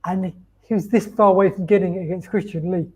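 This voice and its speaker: A man's voice: high-pitched, fairly even intonation, quick pace, darkish tone, slightly rough. A man co-hosting a casual live chat over a video call, enthusiastically recalling fights he covered. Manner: enthusiastic, anecdotal. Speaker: show co-host and fight reporter.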